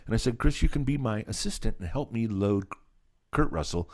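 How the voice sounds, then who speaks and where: Middle-aged man, effects artist guest, low voice, lively swinging delivery, chatty raconteur. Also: a little fast. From Southern California. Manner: animated storyteller, acts out voices, laughs often. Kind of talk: casual storytelling interview.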